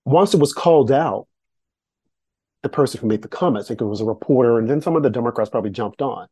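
A man's voice: mid-range voice, quick pace, mellow, husky. A man hosting a political talk show, delivering a monologue full of emphatic rhetorical questions. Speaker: host.

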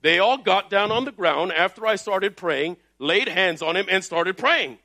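Male preacher, loud and emphatic sermon delivery, high bright voice. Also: animated, unhurried. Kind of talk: energetic sermon. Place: Texas.

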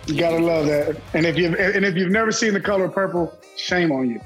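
Man, podcast co-host, high voice, laughs a lot, casual. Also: brisk, soft background music. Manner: laughs often, swears freely. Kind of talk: casual chat.

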